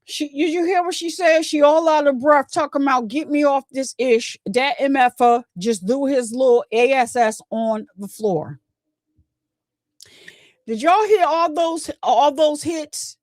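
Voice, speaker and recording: A woman's voice: sits high, measured pace, no room sound. A woman hosting a casual commentary livestream, chatting along and bleeping her own swear words.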